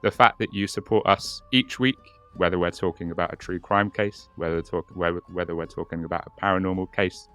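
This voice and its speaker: A man's voice: sits low, steady tone, brisk, few pauses, a bit bright, faint music behind. A young man co-hosting a casual podcast, swearing and repeating words as he narrates a case. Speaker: podcast co-host.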